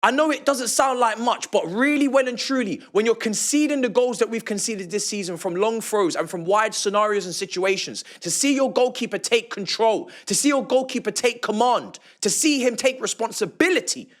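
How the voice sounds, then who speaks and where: Young guy, pretty high voice, hyped football reaction rant, lots of repeating himself and banter. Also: moderate pace, hardly any pauses. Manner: emphatic and animated, repeats phrases for effect, slangy banter. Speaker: football fan reaction host. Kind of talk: excited post-match reaction vlog.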